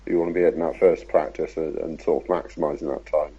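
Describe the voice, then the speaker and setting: A man, a podcast guest talking casually about racing in a measured, laid-back way with frequent fillers. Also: very deep voice, little pitch movement, dark tone, slightly rough, dull audio. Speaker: podcast guest, RC car racer.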